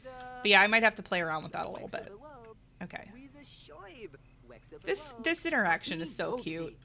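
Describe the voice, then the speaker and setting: A woman's voice: medium pitch, big pitch swings, moderate pace, creaky, bright, forceful tone. A middle-aged woman giving chatty let's play commentary, talking to her viewers and exclaiming at the game. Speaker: gaming channel host. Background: faint game music.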